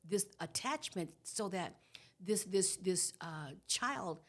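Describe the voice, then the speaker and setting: A woman in her sixties, a guest trauma educator, explaining in an animated conversational way and checking in with "okay?". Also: fairly low pitch, takes it slowly. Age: 60s. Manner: animated, tags points with "okay?". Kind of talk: conversational teaching.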